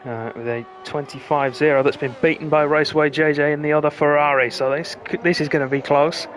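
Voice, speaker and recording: A man commentating live on an online racing stream, calling the action in a brisk play-by-play manner. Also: fairly high pitch, a little hiss or hum. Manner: brisk play-by-play, rising excitement at close finishes. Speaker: lead commentator.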